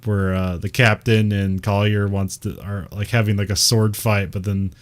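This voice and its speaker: A man's voice: lowish voice, steady tone, normal speed. A man co-hosting a casual podcast, rambling through a movie chat with lots of fillers and frequent laughs. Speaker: podcast co-host.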